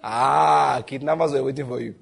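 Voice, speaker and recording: A man with a Nigerian accent preaching a sermon as pastor, telling lively stories with quick asides and bursts of laughter. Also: medium pitch, creaky, breathy edge.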